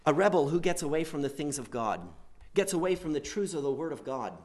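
A man preaching a sermon, swinging between loud emphatic lines and quiet asides, and acting out quoted prayers. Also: a little high, lively intonation, brisk, slight background noise. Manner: acts out quoted prayers in a pleading voice.

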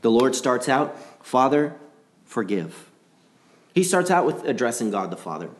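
Male preacher, gospel sermon; earnest, pitch climbs then sinks low for weight. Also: very animated, a little fast. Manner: earnest, repeats phrases for emphasis, swings between rising and dropping delivery.

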